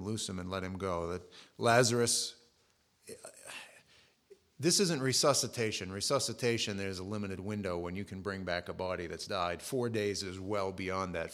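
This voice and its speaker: A man's voice: low voice, creaky, fairly bright tone. Conversational man preaching a sermon. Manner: conversational, retells scripture with acted asides. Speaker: pastor.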